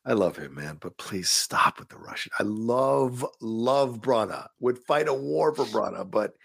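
A man talks films in a relaxed, unfiltered way, his pitch bouncing around with real life. There's a gravelly edge to his voice, and the sound is close and dry with no room around it. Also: measured pace, dry recording. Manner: animated, swearing, laughs often. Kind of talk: casual movie chat.

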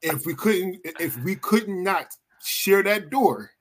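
A man hosting a casual podcast, animated and blunt, swearing and laughing often as he runs a movie bracket. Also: high voice, takes it slowly, noisy background. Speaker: podcast host.

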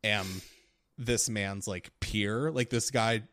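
A man's voice: lowish voice, steady tone, takes it slowly, fairly bright tone. A young man co-hosting a podcast, telling a story animatedly with frequent laughter. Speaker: podcast co-host. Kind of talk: casual podcast chat.

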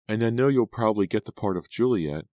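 A man reading an audiobook, voicing an earnest, slightly rushed teenage girl. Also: fairly low pitch, animated, darkish tone, no echo, studio quality, pitched above the performer's own voice, lightly acted.

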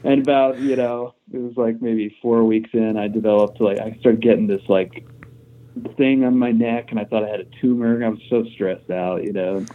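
A man's voice: lowish voice, fairly even intonation, moderate pace, phone-quality sound. A man from Kansas, a musician guest on a podcast, telling stories in a rambling, profane, self-deprecating way with many restarts. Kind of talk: casual storytelling chat.

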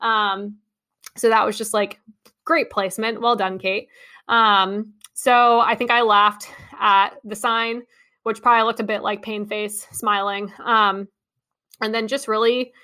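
A young adult woman hosting a podcast, telling a story in a chatty, excitable way with many ums and likes. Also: medium pitch. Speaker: podcast host. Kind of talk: casual monologue recap.

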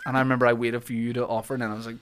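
A man hosting a podcast, telling comic stories in a casual chat and shouting out the lines he quotes. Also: medium pitch, little pitch movement, very fast, slight background noise. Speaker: podcast host.

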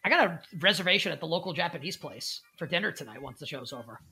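A man co-hosting a betting talk show, chatting loosely at a studio mic. His voice is gravelly and a little husky, with a bright, forward edge. He rambles and jokes, stuffing his sentences with "like". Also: a little high, animated, quick pace. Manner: rambling, heavy use of filler "like", jokey. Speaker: co-host of a sports betting show. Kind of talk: casual studio banter.

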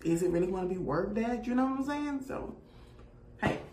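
A woman hosting a casual gossip chat, animated and sassy, often laughing as she talks to her viewers. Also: mid-range voice, quick pace. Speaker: gossip show host. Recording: echoey room.

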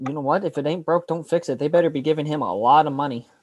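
A man's voice: a little high, quick pace, a little mellow, no room sound, muffled recording. A man co-hosting a casual hockey podcast, wry and teasing. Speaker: podcast co-host.

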